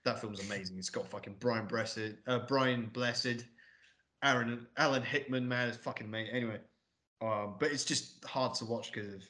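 A man's voice: medium pitch, steady tone, normal speed, pushed and bright. A man hosting a film review podcast, chatting casually with lots of swearing and rambling asides. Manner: swearing, rambling, mocking impressions. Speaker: podcast host.

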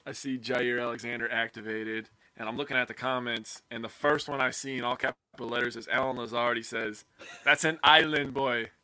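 Brief: young male co-host, bright tense tone, excitable and jokey, dry close mic. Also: mid-range voice, brisk, hardly any pauses, no echo. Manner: excitable, jokey, swears casually. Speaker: podcast co-host. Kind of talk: casual sports chat.

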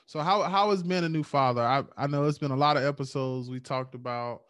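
A man co-hosting a podcast in casual chat, speaking in a measured, reflective way. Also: medium pitch, a bit bright, dry recording, studio quality. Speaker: podcast co-host.

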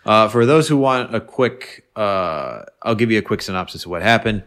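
A young man giving confident takes in casual sports talk. His pitch moves around a lot, rising and dipping with emphasis. He often stumbles and restarts his phrases. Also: expressive, normal speed, a bit bright. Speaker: podcast co-host.

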